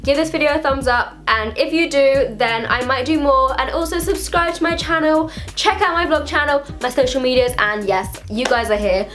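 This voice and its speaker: Upbeat, higher-voiced woman vlogging. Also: normal speed, hardly any pauses, a bit bright, soft background music. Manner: chatty and upbeat, addressing viewers directly. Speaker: YouTuber. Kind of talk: casual vlog talk to camera.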